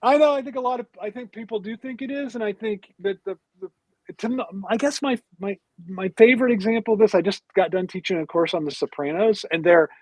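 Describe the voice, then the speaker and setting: A man's voice: high-pitched, fairly quick, darkish tone, no room sound, low-quality recording. A male philosopher and author, a podcast guest explaining ideas in casual talk, with many restarts and repeated words.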